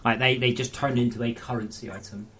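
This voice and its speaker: A man's voice: medium pitch, fairly even intonation, quick pace, fairly bright tone. Male solo dev, loose rambly stream chat, blunt, faint background noise. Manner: rambling, frank, talks straight to chat. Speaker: solo game developer. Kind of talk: casual live-stream chat with viewers.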